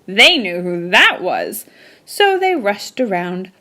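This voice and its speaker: A woman reading a children's storybook aloud with slow, emphatic, expressive delivery. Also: medium pitch.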